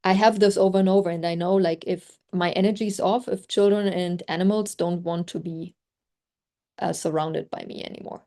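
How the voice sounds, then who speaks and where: A woman's voice: on the low side, steady tone, normal speed, warm tone. A woman coaching on a group video call, talking in a chatty, reflective way with many "like" fillers; her first language is German. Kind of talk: casual group call talk.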